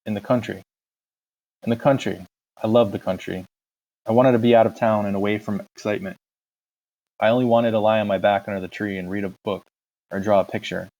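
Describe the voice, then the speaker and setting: Low-voiced man reading a novel aloud. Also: darkish tone, low-quality recording. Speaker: audiobook reader.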